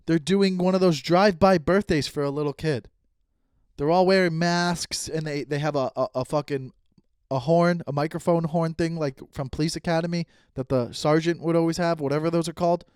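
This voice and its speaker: Young man, solo podcast host at home, casual storytelling, profane, excitable, stumbling restarts, slightly high, smooth clear voice. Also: dry recording, studio quality. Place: his home.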